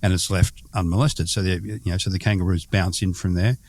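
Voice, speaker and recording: Very deep-voiced Australian man, casual host. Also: fairly even intonation, a little fast. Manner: rambling, easygoing storytelling with fillers. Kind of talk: casual conversation about travel.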